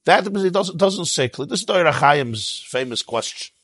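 A man's voice: on the high side, animated, normal speed, a bit bright, dry recording. A man teaching a Torah class in a conversational way, with jokes and asides, and his voice jumps up when he stresses a point.

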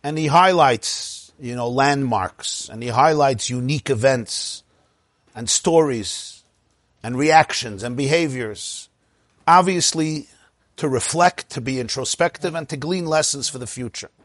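A rabbi giving a Torah class in an unhurried storytelling manner, with pauses and fillers. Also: male voice, medium pitch, fairly bright tone, dry recording. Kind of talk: storytelling lecture.

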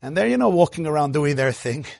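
A husky man with a somewhat raised pitch delivers a sermon as a story. He is emphatic and heartfelt. The sound is close and dry. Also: very animated, quick pace, no room sound.

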